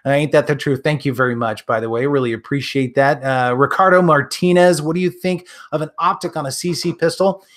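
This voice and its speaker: A man's voice: a little high, fairly even intonation, a little fast, hardly any pauses, a bit bright. A man with a Midwestern accent hosting a live stream, chatting casually with viewers, friendly and rambling with lots of ums and restarts. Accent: Midwestern American. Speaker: gun channel host answering live chat.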